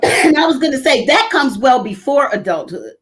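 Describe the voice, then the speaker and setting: Woman host, middle-aged, fairly high voice, candid, laughs often, casual chat. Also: sing-song, normal speed, a bit bright, rough recording. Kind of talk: casual church talk show chat.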